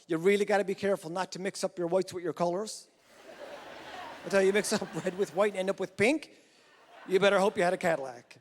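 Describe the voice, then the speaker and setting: Guy hosting stand-up, really high voice, joking at himself, echoey hall. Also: quick pace. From Newfoundland, Canada. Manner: playful, self-deprecating, punchy delivery. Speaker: comedy festival host. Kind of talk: stand-up comedy. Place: large theater with live audience. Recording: hall reverb, crowd and noise behind.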